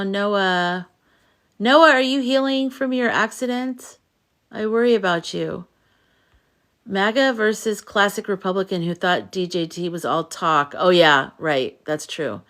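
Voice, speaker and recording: A woman's voice: lowish voice, a bit bright. A woman hosting a casual livestream, reading viewer comments aloud and reacting to them, sounding tired. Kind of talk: casual live-stream chat.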